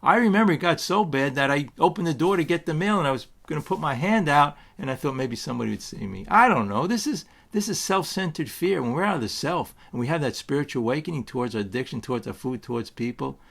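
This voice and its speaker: A man's voice: fairly high pitch, gravelly, a bit bright. Rambling man giving a spiritual recovery talk. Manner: rambling, many restarts and asides; tells stories with acted quotes. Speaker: twelve-step meeting speaker.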